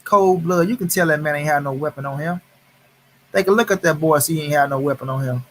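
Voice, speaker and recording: Man, livestream host, angry, profane, repetitive, slightly higher voice. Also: quick pace, slight background noise. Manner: heated, profane, repeats phrases for emphasis; greets viewers in chat by name. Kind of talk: angry casual livestream commentary.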